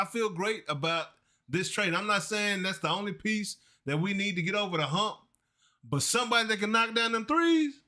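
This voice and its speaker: Male sports co-host, emphatic and folksy, lively high voice. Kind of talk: casual sports talk.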